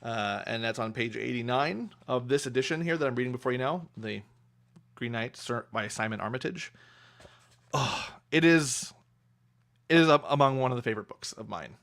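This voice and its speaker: A young adult man talking casually on a livestream about the book he is reading, pausing often with fillers and restarts. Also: medium pitch, creaky, fairly bright tone. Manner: hesitant, many fillers and restarts. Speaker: streamer reading a book aloud.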